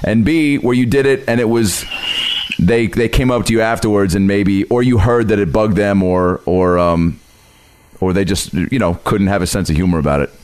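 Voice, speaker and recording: A man's voice: on the low side, fairly even intonation, moderate pace, background noise. A man co-hosting a comedy podcast in casual chat, rambling and restarting his questions. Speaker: podcast co-host.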